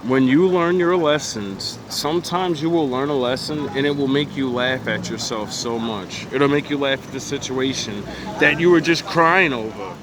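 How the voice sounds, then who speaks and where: A man's voice: medium pitch, moderate pace, noisy background. A man in casual chat with a blunt, preachy and profane way of talking.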